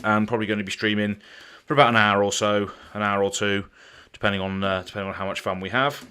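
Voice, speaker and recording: A man's voice: lowish voice, little pitch movement, fast talker, pushed and bright, clear, resonant tone. A man hosting a casual live stream, rambling along with frequent ums and restarts as he sets up a card game.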